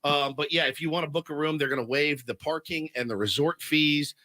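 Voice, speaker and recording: A male sports radio host in animated, excitable banter, recorded on a studio microphone. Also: fairly high pitch, brisk, no echo. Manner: excitable, prone to loud bursts of laughter.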